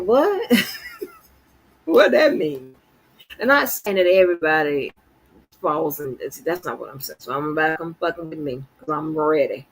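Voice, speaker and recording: Husky, exasperated profane woman ranting. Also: low-quality recording. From Florida. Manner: exasperated, swears constantly, swings from low mutter to high outbursts. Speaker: streamer commenting on news. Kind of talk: casual profane commentary.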